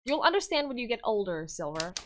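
A woman's voice: fairly high pitch, sing-song, fast talker, slight background noise. A woman voicing a bratty, arrogant boy who thinks he is a king, talking in a haughty, mocking way. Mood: boastful.

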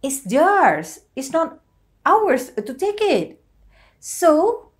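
A Malaysian woman with a Malaysian English accent hosting a reaction video, talking in an earnest, emotional, halting way with frequent restarts. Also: high voice, sing-song. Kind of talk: reaction commentary.

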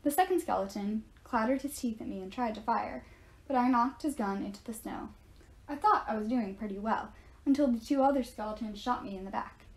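Woman narrator with a slightly high voice, reading aloud at an even storytelling pace. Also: brisk. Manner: steady first-person storytelling. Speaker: audiobook reader.

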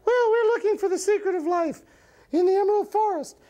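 Squeaky eager puppet blob guy, chirpy, way up high. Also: fairly quick, warm tone. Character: excitable squeaky male puppet creature. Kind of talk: puppet show storytelling.

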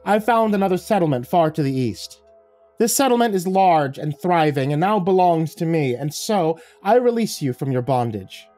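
A man's voice: mid-range voice, normal speed, long pauses, dark tone, no room sound, soft background music, close to an everyday voice. A man voicing a big, fierce female raider warlord who mocks and bellows. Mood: bellowing. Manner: bellowing, mocking.

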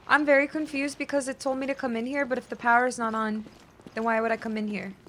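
A woman's voice: a little high, flat delivery, fast talker, a bit bright, slight background noise. Chatty woman streamer with a fading voice. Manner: chatty, laughs a lot, swears, talks to chat. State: losing her voice. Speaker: game streamer. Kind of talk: casual live-stream commentary.

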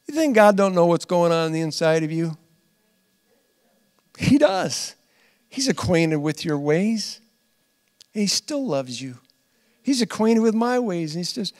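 A male pastor gives a conversational sermon in a high, lively voice, laughing and repeating himself for emphasis. He drops to quiet asides between loud, emphatic lines. A long reverb from the church hall trails every phrase. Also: unhurried, long pauses.

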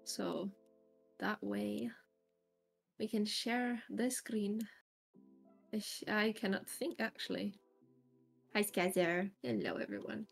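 A woman's voice: mid-range voice, fairly even intonation, slow pace, creaky, long pauses, slightly rough, soft background music. A woman streaming live in a casual chat, thinking aloud while she sets up and greets viewers by name, recorded at her home setup.

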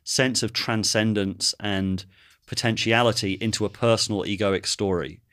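Thoughtful male host, low voice. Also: fairly even intonation, normal speed, a bit bright, no room sound, clean studio sound. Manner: thoughtful, searching for words. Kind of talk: casual conversational interview.

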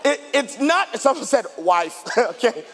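A male pastor preaching a sermon, chatty with the congregation and rising into shouted appeals. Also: very high-pitched, unhurried, crowd noise, noisy background. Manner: animated preaching, building to shouts, banters with congregation. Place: church sanctuary. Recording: long reverb of a large church hall.

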